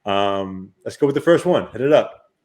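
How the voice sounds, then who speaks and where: Podcast host, man, slightly low voice, playful, loose, profane casual chat. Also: lively intonation, normal speed, a little mellow.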